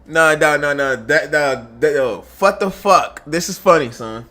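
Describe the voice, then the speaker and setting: Man, reaction streamer, constant laughing, slangy, slow drawl. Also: on the high side, pushed and bright. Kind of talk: casual reaction commentary.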